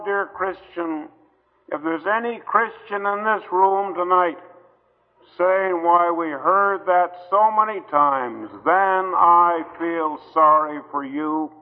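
A man preaching an old-time gospel sermon to a gathering in a hall, slow and earnest, pleading with his listeners through long pauses. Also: high-pitched. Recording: tinny old hall recording.

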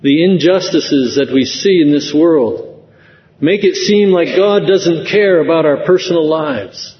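Male preacher, slow and earnest, somewhat high voice, lo-fi church-hall recording. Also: slight background noise. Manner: slow, earnest preaching with rising emotional emphasis. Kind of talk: sermon. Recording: dull lo-fi sound with long hall reverb.

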